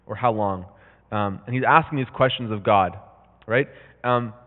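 A man's voice: lowish voice, moderate pace. A man giving a casual Bible teaching, talking conversationally with lots of fillers and restarts and reading scripture aloud with rising intensity. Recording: tinny, phone-like sound in a reverberant hall.

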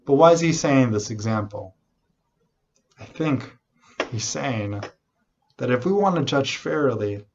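A man preaching a sermon, animated and unhurried, often restarting his phrases. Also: mid-range voice, dull audio, slight background noise. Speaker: pastor.

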